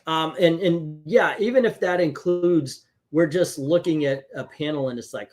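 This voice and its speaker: A chatty man hosting a comic book review show, animated and quick to laugh. His voice sits a little higher than most men's. He talks things over casually with a co-host. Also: faint music behind.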